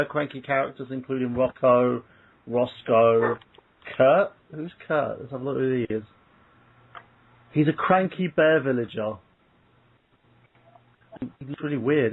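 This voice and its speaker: Gravelly man on a phone line. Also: mid-range voice. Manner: chatty, browses a wiki while talking. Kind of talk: casual group chat. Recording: phone-like call audio.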